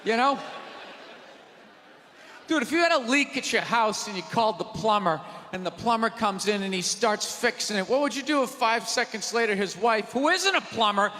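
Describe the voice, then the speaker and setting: A man doing stand-up comedy on a large theater stage, ranting loudly, sarcastic and profane. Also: extremely high pitch, expressive, normal speed. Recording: live theater reverb, crowd noise.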